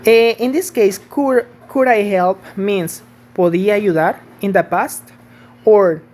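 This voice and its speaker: A woman's voice: medium pitch, a little mellow. Woman teaching English grammar. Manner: patient, checks in with "okay?" and "right?". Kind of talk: online grammar lesson.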